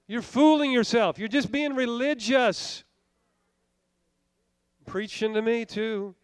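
A man's voice: very high voice, slow pace, clean tone, no room sound. A man preaching a sermon as a pastor, fervent and self-deprecating, with many repeated phrases.

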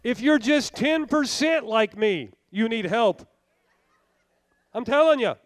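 Male pastor, high clear voice, fervent sermon with repeats, dry close sound. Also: expressive, slow pace, no room sound. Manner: fervent, self-deprecating preaching with repeated phrases.

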